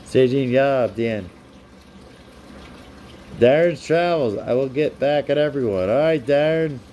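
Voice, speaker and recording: A young man hosting a casual live stream, reading out viewers' comments and names and giving them shout-outs in a chatty, upbeat way. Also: medium pitch, animated, a little slow, a little hiss or hum. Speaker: livestream host.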